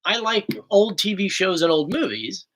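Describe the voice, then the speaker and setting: A man's voice: high-pitched, big pitch swings, normal speed, fairly bright tone, rough recording. A young man with a South Jersey accent, chatting casually as host of a livestream Q&A and reading viewer questions aloud. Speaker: YouTube host.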